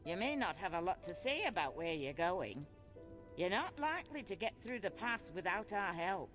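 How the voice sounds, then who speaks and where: An actress playing a gruff old blind woman seer in a video game, blunt and wry. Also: lowish voice, very animated, normal speed, a bit bright, soft background music. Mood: knowing. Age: older. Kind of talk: game voice acting.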